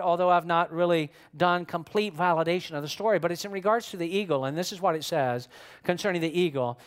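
A male pastor preaching a sermon to a room, voicing a struggling person's inner thoughts with sudden swings between loud and hushed. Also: smooth. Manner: impassioned, acts out inner voices with sharp swings in pitch and loudness.

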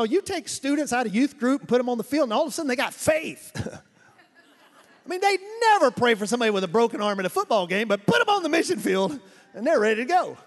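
High-voiced man preaching in an echoey hall. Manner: animated, laughing storyteller with sound effects. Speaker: missionary preacher. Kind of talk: storytelling sermon. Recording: echoey hall with long reverb.

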